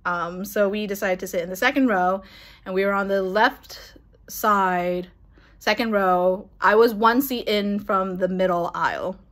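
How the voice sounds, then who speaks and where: Young woman vlogger, excited and rambling, casual storytelling with fillers. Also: mid-range voice, a little slow. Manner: gushing, laughs and swears, rambling with fillers.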